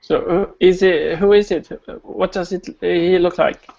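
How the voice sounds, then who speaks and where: A man taking part in a tabletop game as a player, thinking aloud slowly with fillers. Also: high-pitched, fairly even intonation, gravelly, a little mellow, dull audio. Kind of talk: casual tabletop game chat.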